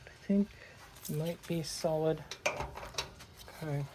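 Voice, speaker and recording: A woman's voice: sits low, slow, noisy background. A woman working on her car in a garage, talking to herself and swearing in casual vlog narration. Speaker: car vlogger. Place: garage, indoors.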